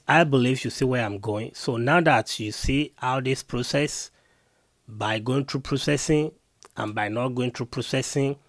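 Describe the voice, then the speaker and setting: Man, mid-pitched, chatty gear demo to camera, dry close mic. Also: dry recording. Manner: repetitive, talks to viewers directly. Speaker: tech reviewer.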